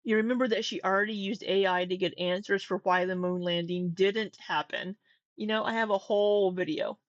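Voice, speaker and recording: A woman's voice: medium pitch, fairly even intonation, normal speed, no echo, lo-fi sound. A woman hosting a casual livestream, talking candidly, swearing now and then and getting exasperated. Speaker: livestream commentary host.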